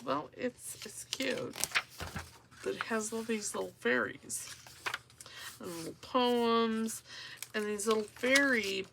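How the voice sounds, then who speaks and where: A woman talks slowly and rambles to herself while she tears book pages for a craft project. Her voice has a gravelly fry. There is steady noise behind her in a home recording. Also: mid-range voice. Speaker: junk journal crafter. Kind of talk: casual crafting tutorial chat. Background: dog and paper rustling.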